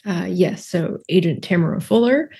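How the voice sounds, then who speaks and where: A player introducing her character at a tabletop game table, with quick asides and frequent laughs. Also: medium pitch, expressive, gravelly, darkish tone, husky.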